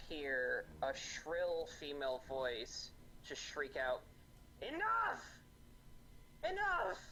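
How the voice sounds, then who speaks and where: A man's voice: medium pitch, fairly bright tone, slight background noise, low-quality recording. A man running a tabletop game as game master, narrating scenes and calling rolls with frequent ums and restarts. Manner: unhurried, full of ums and restarts. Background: faint background music.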